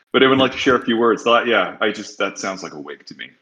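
Here is a man with a low voice on an online community call. He jokes about himself in a loose, offhand manner. The talk is casual and unscripted. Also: lively intonation, brisk, pushed and bright, muffled recording. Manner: jokey, self-mocking.

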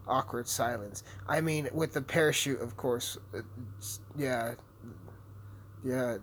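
A young man rambles through a profane, brash podcast monologue while gaming, his voice sitting at an ordinary mid pitch. Faint ambient noise sits behind him. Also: slow. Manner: brash, swearing constantly, rambling. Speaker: podcast host.

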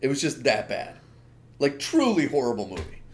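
A man co-hosting a podcast, ranting in an animated, opinionated way with lots of asides. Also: mid-range voice, normal speed. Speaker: podcast co-host. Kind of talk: casual chat.

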